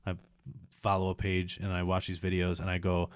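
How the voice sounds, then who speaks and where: Young guy hosting a chat, lowish voice, swears constantly, dry sound. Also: monotone, a little fast, clear, resonant tone, no echo. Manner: swears a lot, rambling with restarts. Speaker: host. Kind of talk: casual chat. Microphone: headphones.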